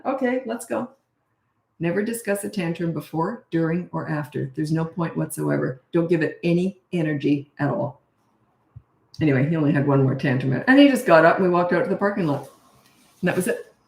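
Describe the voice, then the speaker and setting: A woman's voice: fairly low pitch, a little mellow. Blunt no-nonsense woman parenting coach. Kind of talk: casual Q&A advice. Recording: echoey room.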